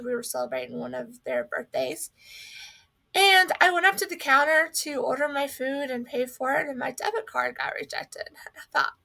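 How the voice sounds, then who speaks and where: A woman's voice: high voice, vocal fry, pushed and bright. A young woman from North Carolina sharing a personal faith testimony, telling her story earnestly and acting out what she thought.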